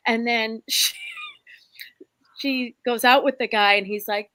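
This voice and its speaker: A woman's voice: fairly high pitch, a little slow, no room sound. A woman guest, a spirit medium, telling stories in a casual interview and acting out the voices of the people she quotes. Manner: expressive, acts out quoted voices, laughs often. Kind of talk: animated storytelling in a casual interview.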